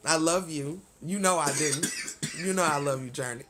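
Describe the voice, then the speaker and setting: A woman with a bright, sharp voice, talking to her viewers on a livestream. She rants in a heated, profane run straight to the camera and keeps breaking into laughter and sorry-filled asides. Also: low voice, moderate pace, a little hiss or hum. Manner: laughs often, apologetic asides. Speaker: livestream host. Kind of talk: casual livestream rant.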